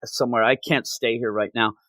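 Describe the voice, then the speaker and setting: Guy doing a scared young woman, talking fast and frantic, dry close sound. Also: medium pitch, fairly even intonation, sharp tone, dry recording, close to an everyday voice. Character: frightened young woman, shaken and pleading.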